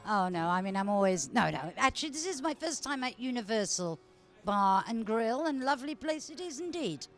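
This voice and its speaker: A woman's voice: a little high, sing-song, normal speed, faint music behind. Theatrical older woman comedian. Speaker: comedian guest. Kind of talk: casual podcast interview. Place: bar.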